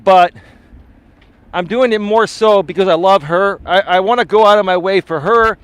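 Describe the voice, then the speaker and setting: A man's voice: high-pitched, normal speed, a bit bright, clean tone, no echo. A middle-aged man hosting a live coaching stream, chatting casually and telling rambling, profane stories. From Greek-American community. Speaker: life coach, live show host.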